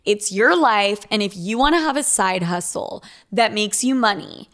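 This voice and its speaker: A woman's voice: medium pitch, expressive, normal speed, fairly bright tone. A young woman hosts an advice podcast, reading out listener letters and answering them. She talks in a blunt, profane Valley girl way, upbeat and casual.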